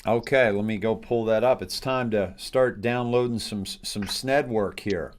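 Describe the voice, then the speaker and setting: A man hosting a live show, talking in a rambling, halting way with lots of fillers. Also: fairly low pitch, slight background noise. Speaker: host.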